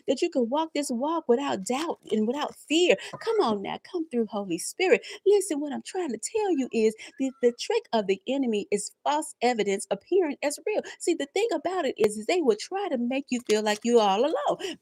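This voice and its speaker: A woman's voice: high voice, very animated, normal speed, darkish tone. A woman in her fifties hosting a live spiritual pep talk, preaching with emphatic repetition and laughing through near tears. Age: 50s. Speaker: tarot reader and live-stream host.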